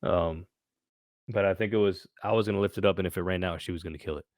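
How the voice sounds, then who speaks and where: Young male podcast co-host, low-pitched, lively sweary storyteller, dry recording. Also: quick pace, no echo. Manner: animated storytelling, swears often. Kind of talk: casual chat.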